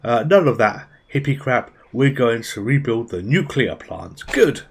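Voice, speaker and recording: A man's voice: mid-range voice, big pitch swings, unhurried, gravelly, husky. A man giving casual, chatty commentary as he plays a game at his PC, thinking aloud with little asides. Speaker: gaming channel host.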